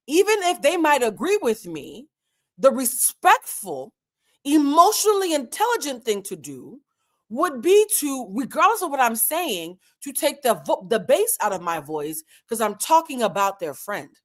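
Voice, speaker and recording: A woman's voice: high voice, sing-song, normal speed. A woman hosting a commentary channel, talking straight to her viewers in an impassioned, lecturing rant full of pointed rhetorical questions. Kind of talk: direct-to-camera commentary rant.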